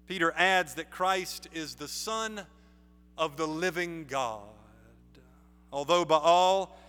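A man preaching a sermon in a measured, emphatic way, building stress on key phrases. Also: sits high, pushed and bright. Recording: long reverb of a large hall.

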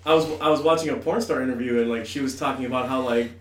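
A man's voice: mid-range voice, very fast. A man on a podcast telling crude stories, laughing and stumbling over restarts. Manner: rambling, laughing, stammering restarts. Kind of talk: crude casual chat. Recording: roomy, distant mic, faint noise.

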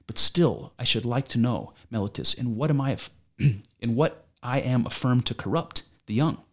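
Older male philosopher on trial, man reading, argumentative and probing, mid-pitched, amateur read. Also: moderate pace, lightly acted. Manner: argumentative, probing rhetorical questions. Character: aging male philosopher defending himself in court.

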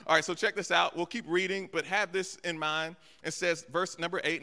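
A man's voice, a little high, pushed and bright with a steady tone, carries a guest pastor's sermon at a fairly quick pace with hardly any pauses. He acts out asides and calls out to the congregation amid the long hall reverb of a large church sanctuary.

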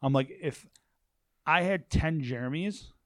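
A man's voice: a little high, a little slow, a bit bright, no room sound, clean studio sound. A man in casual podcast chat, telling rambling stories with lots of swearing and repeated "I'm like" lead-ins. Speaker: podcast guest, warehouse manager. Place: office at a work facility.

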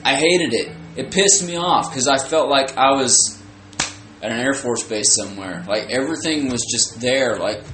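A man's voice: mid-range voice, moderate pace. A young man co-hosting a podcast, talking bluntly and profanely with lots of filler words. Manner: blunt, profane, loose filler-heavy talk. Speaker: podcast co-host. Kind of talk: casual chat. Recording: echoey room with faint music.

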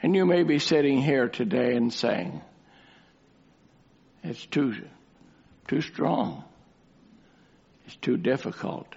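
A man's voice: medium pitch, big pitch swings, slow pace, creaky, pauses often, darkish tone. A man preaching a sermon, asking rhetorical questions and repeating key lines for emphasis. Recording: dull lo-fi recording.

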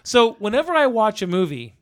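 Male co-host, high voice, animated storyteller for a casual film chat. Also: fairly quick. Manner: animated storyteller, swears freely. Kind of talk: casual movie review chat.

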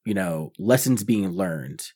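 A man from Virginia in casual podcast chat, talking earnestly and haltingly with many fillers. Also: sits low, lively intonation, darkish tone. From northern Virginia, USA. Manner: earnest, halting, many "you know" fillers, swears when riled.

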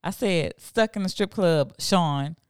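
A woman co-hosting a casual podcast chat, brash and quick to laugh and curse. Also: fairly low pitch, darkish tone, clean tone, no echo, studio quality. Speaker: podcast co-host.

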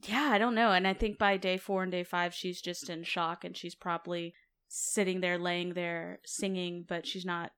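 Tabletop player, woman, expressive storyteller with a low-pitched voice. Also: moderate pace, hardly any pauses, smooth. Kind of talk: casual chat and role-play storytelling.

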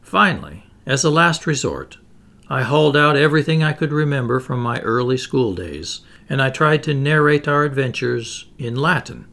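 A man narrates an audiobook in measured, expressive tones. His voice has a gravelly edge and swings through a wide pitch range.

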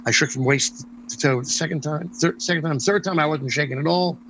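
Older man telling a lively story. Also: a little high, brisk, noisy background. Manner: lively storyteller with frequent restarts and ums. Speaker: interview guest, former stage performer. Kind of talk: storytelling anecdote in conversation.

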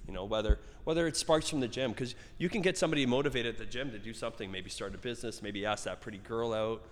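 Middle-aged man, casual interview chat, rambling and profane, average pitch, long hall reverb. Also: quick pace. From Canada. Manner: rambling, profane, animated storytelling with many restarts. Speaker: gym owner and guest.

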